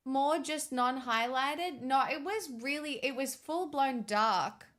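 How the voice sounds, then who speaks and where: A woman's voice: sits high, slow, fairly bright tone. A young woman streaming, chatting casually with her viewers in a sarcastic, bantering way. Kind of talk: casual livestream chat.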